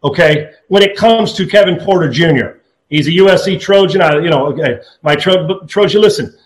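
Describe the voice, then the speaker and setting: A man hosting sports talk radio, blunt and opinionated, talking fast with many restarts. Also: on the high side, reverberant, rough recording.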